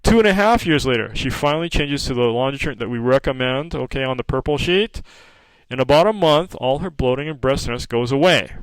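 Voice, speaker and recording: Speaking fast with a clear, resonant, medium-pitched voice, a man who sells progesterone cream chats casually with customers. He shares patient stories, plays out callers' lines, and sprinkles in "okay" often, all on a dry, poor-quality recording.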